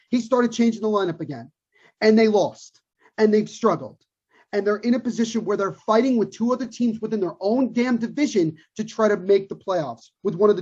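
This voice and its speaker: A man with a husky, breathy edge holds forth on a sports podcast, emphatic and opinionated. He hammers his points home by repeating them. The sound is muffled and lo-fi. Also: sits high, a little mellow. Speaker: podcast co-host. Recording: dull lo-fi recording.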